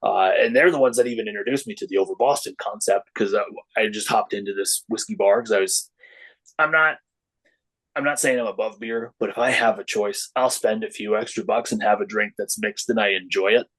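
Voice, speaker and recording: The recording quality is low, and the man speaks a little fast. He's a middle-aged wrestler on a podcast, casually recounting stories and voicing the characters in them with lively pitch shifts.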